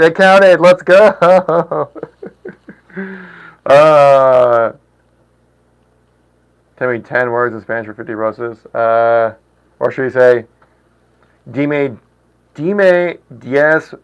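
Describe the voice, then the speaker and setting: Livestream host, man, 30s, mid-pitched, chatty and giggly, halting over foreign phrases. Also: smooth, poor audio. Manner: chatty, laughs often, halting attempts at foreign words. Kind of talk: casual livestream chat.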